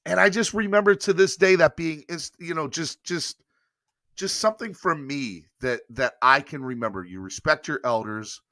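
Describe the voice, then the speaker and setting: A man in his thirties from rural North Carolina, hosting a casual sports podcast and telling stories with animated emphasis. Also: a little high, moderate pace, no echo, clean studio sound. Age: 30s.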